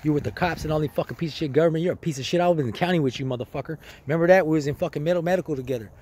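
A man in a furious, profane rant, hurling rapid insults. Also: a little high, a little mellow, slight background noise. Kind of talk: angry rant.

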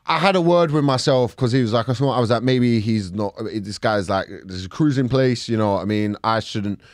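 A man's voice: mid-range voice, brisk, no room sound, clean studio sound. A man telling anecdotes in a casual podcast chat, swearing freely and mimicking voices. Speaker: podcast co-host.

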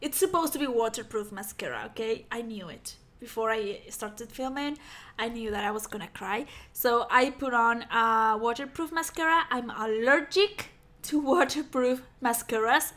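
Reaction host: effusive woman, high and bright voice, unhurried. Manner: excitable, effusive, repeats herself. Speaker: music reaction video host. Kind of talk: casual reaction chat.

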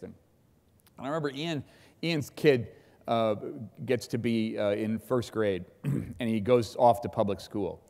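A middle-aged man giving a keynote speech, an animated storyteller who acts out shouting. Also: on the low side, vocal fry. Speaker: keynote speaker. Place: large event hall. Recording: long hall reverb.

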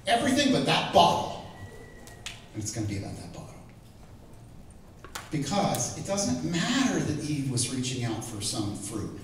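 A middle-aged man teaching the Bible to a live audience, animated and joking, asking the crowd questions. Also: mid-range voice, normal speed, pauses often. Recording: echoey hall, mic far off, faint noise.

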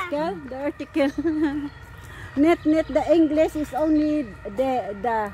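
A woman's voice: high voice, unhurried, heavy background noise. A woman from the Philippines, vlogging casually on an outdoor walk, laughing often and restarting her sentences. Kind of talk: casual vlog chat.

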